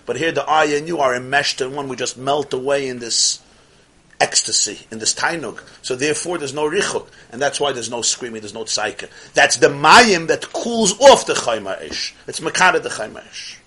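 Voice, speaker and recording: A man teaching a Chassidic lecture in English, mixing in Yiddish and Hebrew terms, swinging from loud outbursts to near-whispers. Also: mid-range voice, lively intonation, normal speed, slightly rough. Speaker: Torah teacher.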